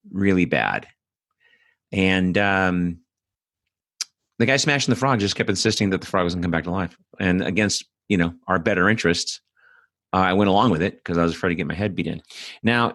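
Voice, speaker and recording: Blunt, profane man with a very low voice. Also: fairly bright tone, no room sound. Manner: blunt and profane, with frequent fillers. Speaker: podcast host. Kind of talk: solo casual monologue.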